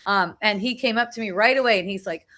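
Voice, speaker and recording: Earnest middle-aged woman, bright voice. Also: mid-range voice, fast talker. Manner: earnest, repeats phrases, frequent tag "right?". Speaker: spiritual talk host. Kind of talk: casual personal sharing on a live video. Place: outdoors at a beach. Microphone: phone live video.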